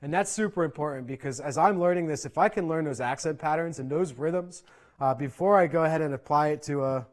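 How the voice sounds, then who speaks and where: A man teaching percussion in an online clinic, explaining in a relaxed conversational way and often checking in with "right?". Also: a little high, brisk. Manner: conversational, frequent "right?" check-ins and fillers. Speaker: percussion instructor.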